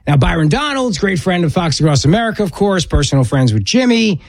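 A male talk radio host with a lively, swinging delivery and a slightly higher voice. He pushes his opinions emphatically, tumbling through quick restarts. The sound is dry and close, with no room around him. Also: no echo. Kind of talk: political talk radio commentary.

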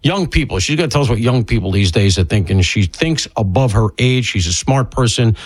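A man's voice: medium pitch, animated, brisk, no room sound. A man hosting a talk radio show as a fill-in, rambling casually with jokes and asides to listeners, sounding stuffy from allergies, on a studio mic. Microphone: studio microphone.

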